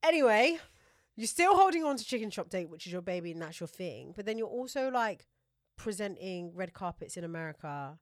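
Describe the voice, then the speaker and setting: A young woman, co-hosting a casual podcast chat, animated and slangy. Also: mid-range voice, brisk, no echo, studio quality. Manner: animated, chatty, slangy, laughs often. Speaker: podcast co-host.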